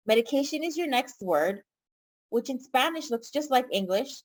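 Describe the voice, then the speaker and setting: A woman's voice: high voice, lively intonation, moderate pace. A woman teaching a vocabulary lesson online, speaking patiently and repeating each word for her students. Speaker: pharmacy tech Spanish tutor.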